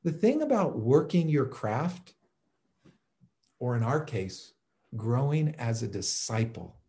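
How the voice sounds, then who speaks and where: A man preaching a sermon, telling a story with animated delivery and frequent fillers. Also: medium pitch, slow. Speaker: pastor.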